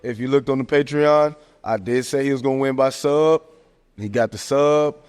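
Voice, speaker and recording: A man hosting a podcast, giving casual sports commentary in a slangy, animated rant full of fillers. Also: mid-range voice, normal speed, smooth, faint music behind. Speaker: podcast host. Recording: long echoing reverb.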